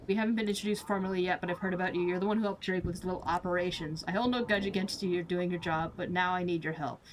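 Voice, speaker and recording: A woman reading the lines of a smooth-talking man asking for a favor, in a measured, persuasive way. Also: lowish voice, steady tone, slight background noise, close to an everyday voice, poor audio.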